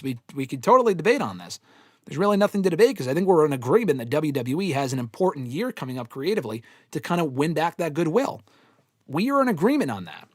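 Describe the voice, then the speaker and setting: A man's voice: a little high, dry recording, studio quality. A man hosting a live fan Q&A, talking bluntly with plenty of swearing and rambling opinions. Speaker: host answering fan questions. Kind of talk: live casual Q&A stream.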